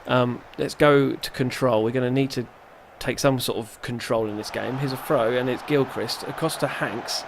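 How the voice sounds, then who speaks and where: A man's voice: medium pitch, steady tone, moderate pace, creaky, hardly any pauses, noisy background. A man giving casual, rambling let's-play commentary, reacting aloud and poking fun at himself. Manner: chatty and rambling, self-mocking, reacts aloud to the match. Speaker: gaming YouTuber.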